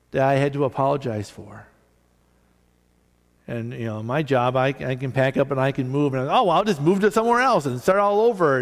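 A male pastor preaching a sermon, animated as he tells stories and acts out both sides of conversations. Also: mid-range voice, creaky, big-room sound. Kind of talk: sermon with storytelling.

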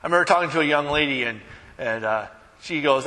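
A man's voice: fairly high pitch, animated, a little fast, sharp tone, long reverb tail. A man preaching a sermon as pastor, talking casually with anecdotes, many fillers and restarts. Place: church.

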